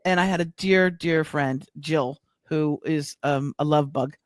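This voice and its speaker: A middle-aged American woman chatting as a guest business coach, warm and halting, with many restarts. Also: low voice, no echo, studio quality. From United States. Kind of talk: casual interview chat.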